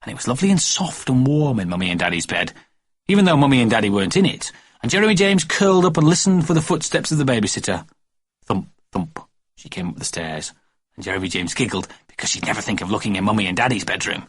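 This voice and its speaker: A man narrating a children's storybook with expressive cadence. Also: fairly low pitch, quick pace, breathy edge. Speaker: audiobook narrator.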